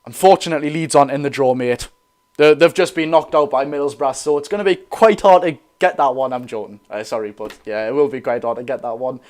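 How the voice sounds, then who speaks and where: An eighteen-year-old man with a Geordie accent, chatting excitedly and rambling through a live football watch-along from a room at his dad's house. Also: medium pitch. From North East England. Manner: excitable, rambling, quick to apologise. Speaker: football fan streamer.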